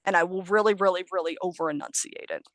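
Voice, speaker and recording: A woman's voice: on the low side, quick pace, no echo. A young adult woman from the United States, an ESL teacher giving an online training talk, explaining patiently and correcting herself as she goes. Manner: explanatory, self-correcting, light laughs. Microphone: video call.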